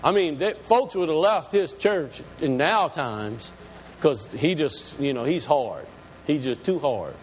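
A man's voice: a little high, animated, measured pace. Man preaching in an echoing hall. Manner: dramatic, swings between loud and hushed. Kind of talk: sermon. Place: large church hall. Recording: long hall reverb, faint room noise.

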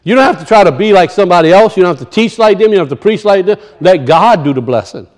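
High-voiced preacher, animated and questioning. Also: male voice, fast. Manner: animated, asks the audience questions. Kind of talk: sermon.

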